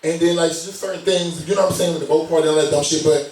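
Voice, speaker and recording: A man's voice: fairly high pitch, racing. Laid-back man talking slang in a roomy room. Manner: relaxed, slangy, often asks "you know what I'm saying?". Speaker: podcast co-host. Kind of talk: casual chat. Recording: roomy sound, mic some distance off.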